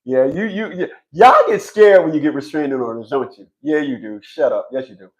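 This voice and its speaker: A man telling a court story in an animated monologue, mocking, with loud outbursts and low asides, acting out other people's lines. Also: fairly quick. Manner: acts out other people's voices in quotes. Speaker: family court advocate.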